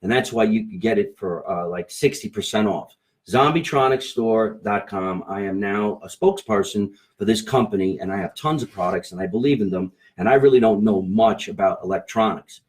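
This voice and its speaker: A man's voice: lowish voice, moderate pace. A man hosting a casual comedy talk show, joking and plugging sponsors, recorded into a phone. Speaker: comedy podcast host.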